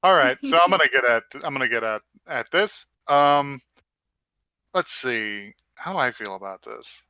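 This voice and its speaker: Animated joking man podcaster. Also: medium pitch, moderate pace, dry recording. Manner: joking, animated, with many restarts. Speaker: podcast co-host. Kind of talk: casual chat.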